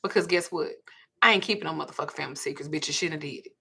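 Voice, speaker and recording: A woman from the South, telling a personal story in a blunt, profane, animated way. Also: low voice, racing, gravelly, breathy edge. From Southern United States. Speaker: vlogger. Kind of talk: candid storytelling.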